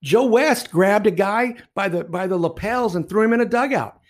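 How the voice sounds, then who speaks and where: A man's voice: sits high, moderate pace. A man, a retired referee and podcast co-host, telling blunt, profane stories in casual sports talk.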